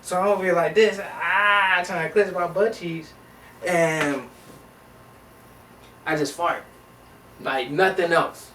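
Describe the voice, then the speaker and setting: A young man telling a rambling, slangy story from his childhood, animated and full of restarts. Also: a little high, slow pace, pauses often, distant mic, background noise. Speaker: vlogger. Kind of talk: casual storytelling. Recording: roomy echo, voice a bit off mic.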